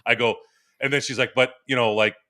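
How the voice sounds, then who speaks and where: Podcast host, male, forties, bright forceful voice, rambling animated storyteller. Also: mid-range voice, a little fast. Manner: animated, laughing storyteller with many restarts. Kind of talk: casual storytelling. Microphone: remote stream microphone.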